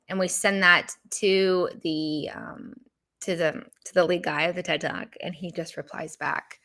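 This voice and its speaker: A woman's voice: on the low side, fairly even intonation, measured pace, pushed and bright. A woman coach telling a personal story on a live stream, emotional and exasperated, with many rhetorical questions. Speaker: business legal coach and speaker.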